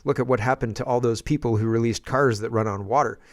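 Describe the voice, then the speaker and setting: A man's voice: medium pitch, fast talker, no room sound, clean studio sound. A man who hosts a casual political commentary show, talking sarcastically with chuckling asides. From Canada.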